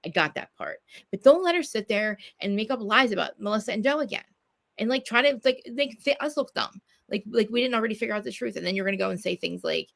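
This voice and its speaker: A woman's voice: medium pitch, animated, fast, gravelly, fairly bright tone. A woman from New Jersey, ranting in casual chat, swearing a lot and restarting her sentences. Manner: profane, ranting, many restarts.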